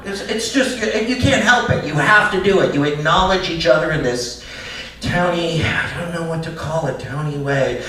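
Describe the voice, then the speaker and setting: A man's voice: on the high side, normal speed, pushed and bright, a little hiss or hum. A man doing a live stand-up set in a small cafe, rambling and cutting himself off mid-sentence. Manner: rambling, self-interrupting delivery. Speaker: stand-up comedian. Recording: echoey room, far mic, audience. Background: laughing audience.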